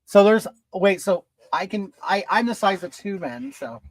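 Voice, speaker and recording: A man livestreams casually from home while doing his makeup, chatting away, reading viewer comments aloud and greeting people by name. His high voice is expressive and a little slow, with no echo.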